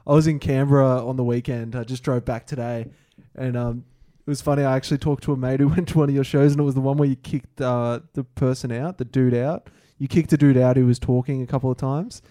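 A man's voice: mid-range voice, steady tone, a little fast, dark tone, no room sound, clean studio sound. A man, co-hosting a casual podcast, laid-back with short reactions and frequent laughs. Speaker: podcast co-host.

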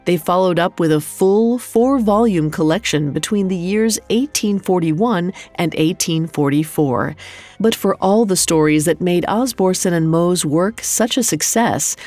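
A woman telling a folktale in a measured, scripted storytelling delivery. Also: lowish voice, darkish tone, soft background music. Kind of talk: scripted narration.

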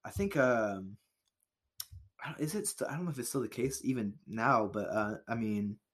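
Give me an easygoing man co-hosting a podcast and reading trivia off a list. His voice sits in a middle pitch, and he keeps trailing off into ums and little laughs. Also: expressive, moderate pace. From United States. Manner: loose, laughing, trailing off into fillers. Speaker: podcast co-host. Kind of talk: casual chat, reading history facts.

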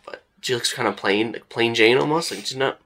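A man's voice: medium pitch, fairly quick, a bit bright. A man narrating as game master of a tabletop game, describing scenes in a loose, filler-heavy way.

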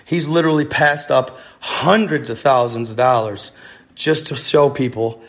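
A man's voice: medium pitch, a little slow. Rambling, profane man telling a ghost story. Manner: rambling and profane, with many restarts. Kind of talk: casual storytelling.

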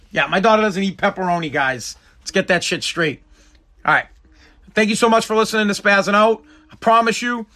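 A man's voice: high-pitched, bright, forceful tone. A man hosting a casual podcast, ranting emphatically with lots of repetition. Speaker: podcast host.

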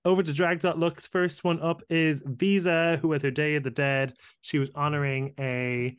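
Wry man with a higher voice. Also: little pitch movement, normal speed, clean tone. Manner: dry, wry commentary. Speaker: podcast host. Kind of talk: casual chat.

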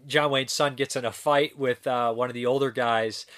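Man host, relaxed unscripted film review, rambling and chatty, mid-range voice. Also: medium pitch, normal speed. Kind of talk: casual spoken film review.

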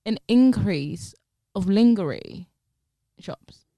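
A woman's voice: medium pitch, expressive, takes it slowly, mellow, no echo. A young woman co-hosting a casual chat, giggly and chatty, slipping into playful voices.

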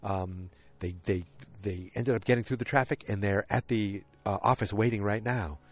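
A man with a lowish voice talks off the cuff outdoors on a windy evening. He rambles and riffs through a recap, jumping into the characters' lines as he goes. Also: fairly even intonation, normal speed. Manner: chatty, riffing, acts out characters' lines. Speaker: vlogger recapping a TV episode.

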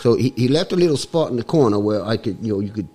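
A man's voice: medium pitch, animated, fast talker, warm tone, close to an everyday voice. A man putting on a Cockney accent while telling a rambling tall tale with chuckles in a garage. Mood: joking.

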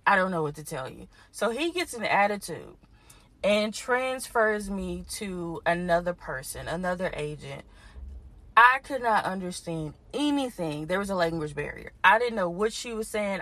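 A woman podcast host telling a frustrating story in a casual, animated way, talking straight to her listeners. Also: medium pitch, moderate pace, dry recording. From Houston. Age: adult parent.

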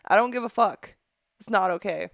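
Reading a listener letter aloud on a casual podcast, this young female co-host has a gravelly, medium-pitched voice and moves at a moderate pace. Between lines she breaks in with crude, disgusted, blunt remarks and lots of laughter, all captured in a close, dry studio recording.

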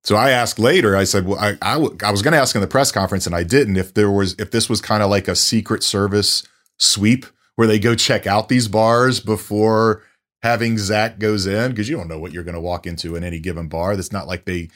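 A man co-hosting a sports podcast, speaking thoughtfully and haltingly as a reporter. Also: lowish voice, steady tone, a bit bright. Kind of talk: casual sports podcast chat.

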